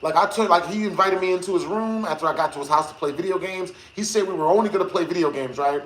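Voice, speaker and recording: A man streaming games who tells a story to his chat in a lively, slangy way, laughing often and swearing. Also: high voice, fast. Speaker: gaming streamer. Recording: echoey room with faint noise.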